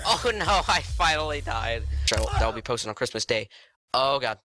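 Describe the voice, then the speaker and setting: A young man giving excitable let's-play commentary, yelping and laughing at in-game scares. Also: medium pitch, unhurried, no echo. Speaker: gaming video creator.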